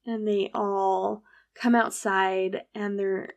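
Woman host telling a crime story, lots of fry, chatty and loose. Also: mid-range voice, little pitch movement, slow pace, dull audio. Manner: chatty, recounts events with frequent "like" and quoted dialogue. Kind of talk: casual true-crime storytelling.

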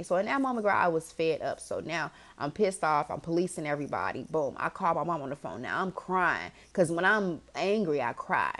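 A woman hosting a podcast, telling a story in an animated, emphatic casual monologue, swearing and calling the listener "girl". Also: low-pitched, fairly quick, hardly any pauses. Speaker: podcast host.

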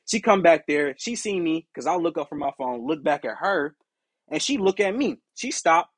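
A man hosting a podcast, telling a casual story in an animated, profane way and acting out the people in it. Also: a little high, moderate pace, breathy edge, no echo. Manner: animated, profane, acts out quoted exchanges. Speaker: podcast host.

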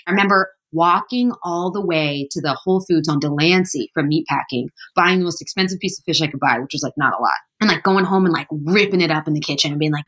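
A woman's voice: on the low side, fast talker, a bit bright. Chatty, upbeat woman full of "like"s. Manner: chatty, upbeat, heavy use of "like". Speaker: guest. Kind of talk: casual interview chat.

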